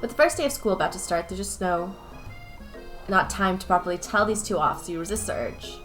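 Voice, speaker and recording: A woman's voice: medium pitch, brisk, a bit bright, soft background music. A young woman streamer reading a game's text aloud, casual with joking asides.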